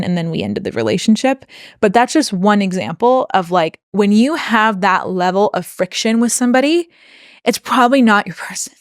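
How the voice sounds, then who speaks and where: A woman's voice: on the low side, clean tone, no room sound, clean studio sound. A young adult woman co-hosting a podcast, telling a personal story in an earnest, emotionally open way. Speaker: podcast co-host.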